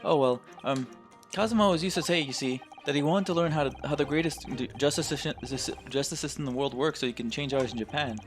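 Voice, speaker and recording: A man's voice: a little high, quick pace, hardly any pauses, soft background music, natural voice. A man voicing a hesitant young defense lawyer in a game let's play, stammering and unsure.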